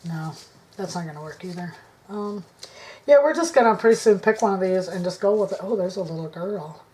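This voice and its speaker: A woman vlogging her craft work to camera on a tripod, thinking aloud, indecisive, often dropping into soft mutters. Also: mid-range voice, fairly quick. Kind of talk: casual crafting chat to camera.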